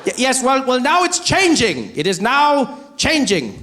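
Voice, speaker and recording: A man's voice: extremely high pitch, wildly swooping pitch, measured pace, sharp tone, slight background noise, pitched above the performer's own voice, full character voice. A man voicing a pompous, posh British cavalry herald, speaking in a plummy upper-class way. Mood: flustered.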